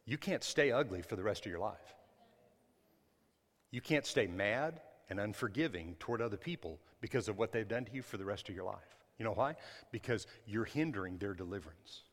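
A male pastor preaching a sermon during a church service. He talks conversationally, breaks into sudden loud bursts, and adds apologetic asides. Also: lowish voice, animated, a little fast, big-room sound.

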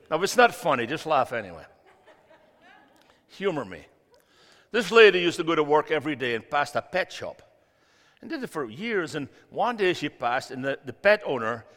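A man in his fifties, a guest preacher giving a sermon in a church, joking and telling stories with big swings in loudness. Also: on the high side, very animated, normal speed. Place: church sanctuary. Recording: long reverb of a church hall.

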